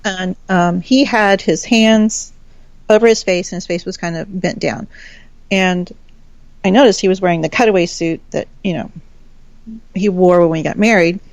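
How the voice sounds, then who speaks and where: Gravelly-voiced woman telling a story. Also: lowish voice, moderate pace, no echo. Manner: frank and chatty, with casual swearing. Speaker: podcast guest. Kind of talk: candid personal storytelling.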